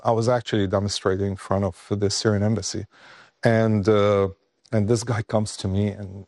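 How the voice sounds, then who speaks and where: A male guest, not an English speaker, recounting a personal story with halting restarts, his voice rising when he is moved. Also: mid-range voice, darkish tone, no echo, studio quality.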